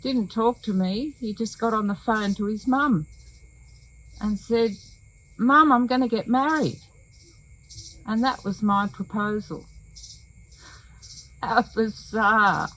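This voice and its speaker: An older woman, telling a personal testimony in a slow, earnest way with many pauses. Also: medium pitch, steady tone, a bit bright, rough recording. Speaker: women's talk show host.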